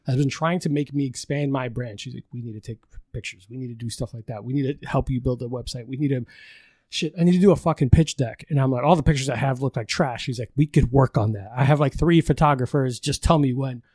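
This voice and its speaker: A man hosting a podcast, talking quickly in a relaxed, rambling way and swearing freely. His voice sits at a middle pitch and comes across close and dry, with no room sound around it. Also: no room sound. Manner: profane, laughing, rambling. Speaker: podcast host. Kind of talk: casual chat.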